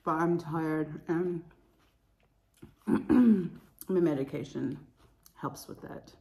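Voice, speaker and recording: A woman's voice: deep voice, extremely slow, gravelly, dark tone. A young woman eating on camera in a casual vlog, chatty and gushing, with slangy asides. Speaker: mukbang eating vlogger.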